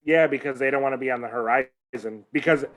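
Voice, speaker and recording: A man's voice: medium pitch, quick pace, fairly bright tone, slight background noise. A man co-hosting a casual watch-along chat, talking loosely with lots of fillers and swearing. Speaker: co-host reacting to a war series.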